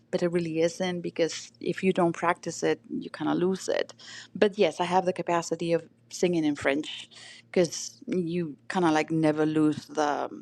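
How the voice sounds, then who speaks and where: This is a woman with a Chilean Spanish accent and a fairly low voice that has a gravelly, fry-tinged edge. She speaks as a podcast guest in a reflective, storytelling way, pausing often on fillers as she thinks aloud. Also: a little mellow. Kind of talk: casual conversation.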